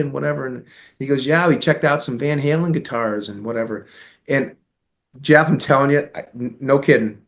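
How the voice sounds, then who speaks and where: A middle-aged American man, an interview guest, telling a long story in a relaxed, rambling way, with many fillers and quoted dialogue. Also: medium pitch, brisk.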